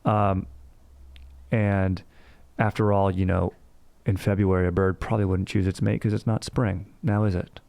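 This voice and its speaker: A man's voice: low-pitched, level tone, moderate pace, vocal fry, a little mellow, no room sound. A man hosting a casual comedic history show, rambling and slangy, cursing freely. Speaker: history podcast host.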